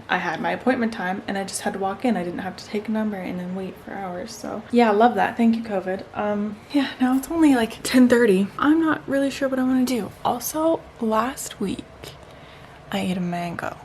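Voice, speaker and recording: A woman's voice: medium pitch, darkish tone, a little hiss or hum. A young woman and new mom talking casually to the camera at home in a rambling, chatty vlog full of fillers. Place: at home indoors. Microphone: camera-mounted mic.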